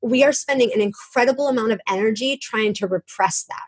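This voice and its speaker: A woman coach talking casually as a podcast guest, quick and animated, acting out the voices of people she quotes. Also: a little high. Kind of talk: casual interview talk.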